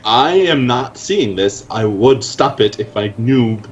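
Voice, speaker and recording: A man's voice: mid-range voice, lively intonation, slow, dull audio, slight background noise. A man playing a tabletop game with wry, swearing banter. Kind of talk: casual play over a call.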